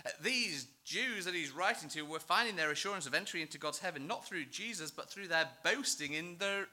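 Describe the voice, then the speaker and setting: A man's voice: sits high, lively intonation, brisk, few pauses, sharp tone. A male church minister preaching a sermon in an earnest, emphatic, self-deprecating way.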